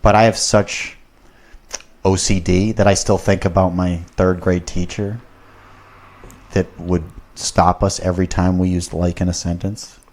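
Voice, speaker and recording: A male podcast host with a fairly low voice drifts from one tangent to the next in relaxed conversation. He talks loosely and curses often. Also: unhurried. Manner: rambling, heavy swearing. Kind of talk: casual chat.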